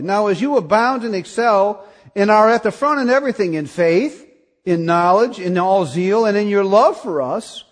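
Male pastor preaching a sermon: high-pitched and highly animated, questioning the congregation. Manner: animated preaching, rising to high excited calls.

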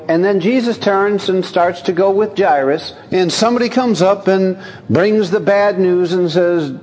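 A man preaching a sermon in a folksy, lively way, chuckling as he talks and reading scripture aloud. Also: sits high. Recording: long hall reverb.

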